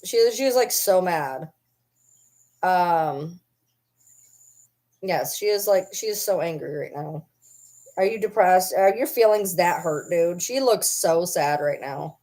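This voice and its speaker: A woman's voice: fairly low pitch, a little mellow. A woman vlogger chatting casually to the camera and teasing her pet dog in doting baby talk.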